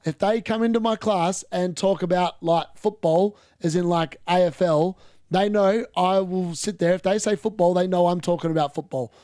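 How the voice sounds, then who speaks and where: A man's voice: sits high, moderate pace, darkish tone, dry recording, clean studio sound. A man hosting a football watch-along, chatting casually and bluntly over live play with mild swearing. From Australia. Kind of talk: casual live match commentary.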